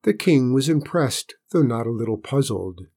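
A man calmly narrating a fairy tale aloud. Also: medium pitch, moderate pace, gravelly. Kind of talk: storybook narration.

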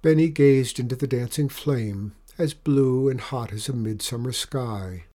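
A man narrating a storybook calmly and evenly. His voice is warm and dark, at a middle pitch. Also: unhurried.

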